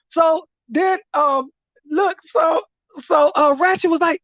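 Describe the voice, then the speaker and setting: A woman with a high voice tells a story as a casual, animated and profane vlog rant. Her voice is recorded dry, with a dull lo-fi sound. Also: moderate pace, creaky, no echo. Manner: animated, profane, laughing through retelling. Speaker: vlogger.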